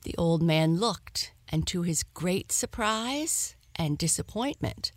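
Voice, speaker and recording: A woman reading a children's story aloud in an expressive, animated way. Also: lowish voice, slow, no echo.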